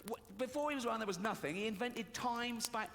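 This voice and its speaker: A man's voice: very high-pitched, quick pace, gravelly, fairly bright tone. A man performing a profane, sardonic stand-up comedy routine on an arena stage. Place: large concert arena stage. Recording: arena recording with long reverb and audience noise.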